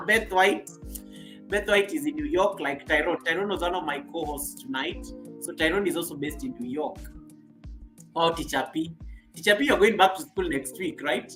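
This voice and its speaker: A Kenyan woman chats on her live stream, answering viewer comments in a relaxed, rambling way. She laughs often and repeats her phrases. Faint music plays softly in the background. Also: on the low side, normal speed.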